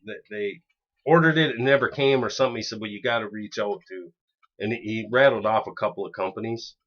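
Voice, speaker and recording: Lowish voiced guy rambling on a podcast, kinda muffled lo-fi audio. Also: fairly quick, a bit bright. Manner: rambling, lots of fillers and restarts. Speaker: podcast co-host. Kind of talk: casual chat.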